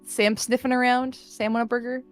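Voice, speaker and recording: A woman's voice: fairly high pitch, flat delivery, moderate pace, faint music behind. A woman with a slight lisp, reading fan fiction aloud on a stream and chatting casually. She giggles, mocks herself and stumbles over words. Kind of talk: casual stream chat with read-aloud narration.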